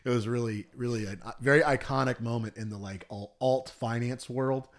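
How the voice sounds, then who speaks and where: Brisk and fairly even in intonation, this young male co-host has a mid-range voice. In relaxed podcast conversation he rambles through his stories and keeps correcting himself along the way.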